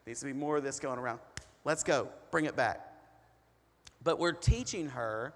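A man's voice: mid-range voice, expressive, normal speed, a bit bright. Man preaching in a reverberant hall. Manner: conversational preaching, rhetorical questions. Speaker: pastor. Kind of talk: sermon. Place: church hall.

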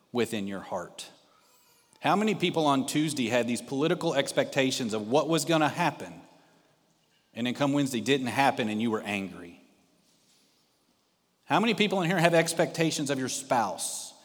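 A man's voice: mid-range voice, long reverb tail. A male pastor and missionary preaching a sermon, telling a personal story and putting direct questions to the congregation. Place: church sanctuary.

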